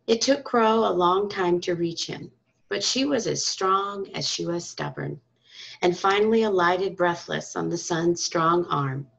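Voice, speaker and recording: A woman reading a storybook aloud to school children and parents, in a calm, expressive storytelling manner. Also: fairly low pitch, a little slow, creaky. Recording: dull lo-fi recording.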